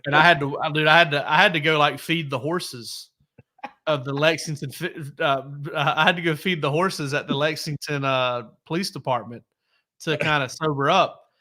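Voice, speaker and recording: A man's voice: on the high side, fairly even intonation, normal speed, sharp tone. A man, a sports reporter, telling laid-back stories on a casual podcast, rambling with many fillers and restarts.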